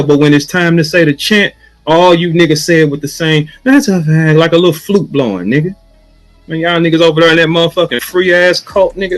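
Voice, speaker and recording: A man's voice: on the high side, low-quality recording. Taunting, profane man from St. Louis. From St. Louis, USA. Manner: profane, taunting, mimics a flat chant. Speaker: battle rapper. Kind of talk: heated mocking rant.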